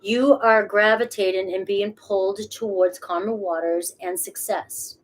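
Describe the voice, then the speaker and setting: A woman's voice: medium pitch, steady tone, measured pace. A woman with a Boston accent, reading tarot cards live in a casual, chatty way and swearing freely. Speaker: tarot reader.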